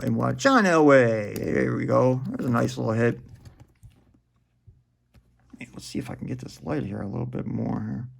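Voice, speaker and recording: Gravelly, rambling man opening cards. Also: mid-range voice. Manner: rambling, profane, chuckling, says "man" a lot. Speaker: trading card breaker. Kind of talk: casual rambling chat while opening card packs.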